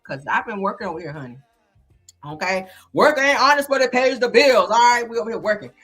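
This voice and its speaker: A woman reviews a reality show on a casual live-stream recap, addressing her viewers directly in a blunt, profane and sassy way. Her mid-range voice is a bit bright with a breathy edge.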